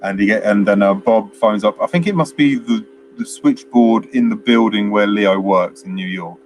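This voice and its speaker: A man's voice: fairly low pitch, a little hiss or hum, rough recording. Rambling man, chuckling as he talks. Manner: rambling, halting, with frequent fillers and chuckles. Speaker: film podcast co-host. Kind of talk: casual chat, retelling a film plot.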